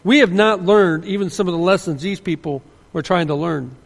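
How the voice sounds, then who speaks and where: High gravelly preacher man, echoing hall. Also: normal speed. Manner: earnest, emphatic, with frequent restarts. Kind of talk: sermon. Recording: long hall reverb.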